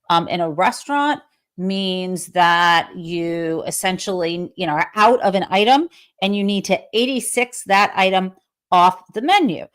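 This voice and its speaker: A woman hosts a live commentary show in a loose, casual way. She is snarky and sharp-tongued and swears freely. Her voice sits at an ordinary middle pitch. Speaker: host.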